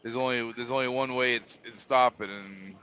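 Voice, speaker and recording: A man's voice: medium pitch, steady tone, normal speed, pushed and bright. A man calling into a livestream, chatting in a plain, informal way. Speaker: caller. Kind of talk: casual livestream chat. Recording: muffled call audio with faint hiss.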